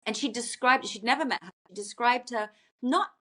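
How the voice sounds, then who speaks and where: A woman's voice: a little high, normal speed, bright, forceful tone. Earnest woman recounting a spiritual experience. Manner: earnest, reflective, with frequent restarts. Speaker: podcast guest, artist. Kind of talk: personal storytelling in conversation.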